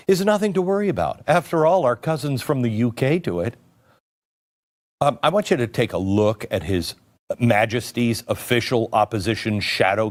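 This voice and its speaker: Sarcastic male political commentator, lively. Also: medium pitch. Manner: sarcastic, mocking asides.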